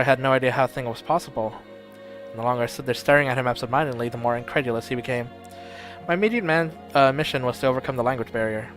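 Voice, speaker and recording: A man streaming and reading a story game aloud in steady first-person narration, with occasional slips. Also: medium pitch.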